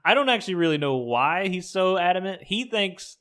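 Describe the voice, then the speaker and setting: A man talks through an episode in a loose, casual chat. His voice is bright and forward, and he rambles, laughs often and leans heavily on filler words. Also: high voice, expressive, brisk. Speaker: podcast host recapping an episode.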